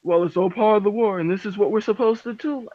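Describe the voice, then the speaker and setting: A man's voice: high-pitched, fast, no echo, close to an everyday voice. A man voicing a distraught, furious young werewolf medic who swears a lot and stammers. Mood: exasperated. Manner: profane, stammering, swings between loud and muttered. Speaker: tabletop game player. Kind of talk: in-character role-play. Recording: dull dry lo-fi recording.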